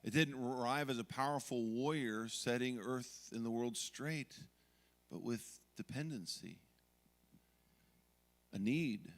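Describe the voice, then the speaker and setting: A middle-aged man preaching a sermon as pastor, telling stories from family life and acting out yelling moments. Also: medium pitch, slow, long pauses, long reverb tail. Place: church sanctuary.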